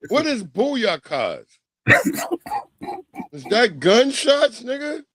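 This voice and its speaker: A man from New York co-hosts in loose comedic banter, his voice sitting high. He tells stories with lively mimicry and loud shouted impressions. The sound is dry and close, with no room around it. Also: very slow, no room sound. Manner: animated storyteller who mimics people in loud bursts. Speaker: podcast co-host.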